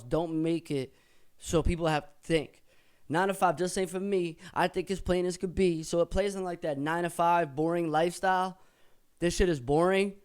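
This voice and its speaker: Speaking in a smooth, slightly mellow voice on the high side, a man who is older than he was breaks down his own rap lyrics. He's casual and profane, raps excerpts, and works things out aloud while correcting himself.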